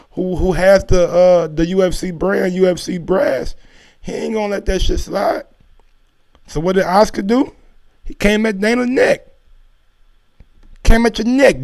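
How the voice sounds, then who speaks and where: A man's voice: on the high side, mellow. Laid-back slangy man hosting sports talk. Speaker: sports commentary host. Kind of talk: casual sports commentary.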